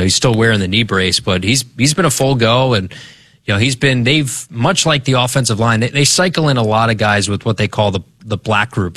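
A man's voice: on the low side, a bit bright, no echo, studio quality. A man hosting a sports talk show, giving casual, loose football analysis. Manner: quick, loose and conversational.

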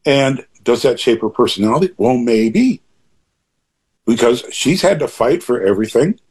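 Husky older man, earnest and rambling. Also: mid-range voice, lively intonation, normal speed, darkish tone. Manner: earnest, rambling with frequent restarts and asides. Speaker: author guest being interviewed. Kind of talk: reflective interview talk.

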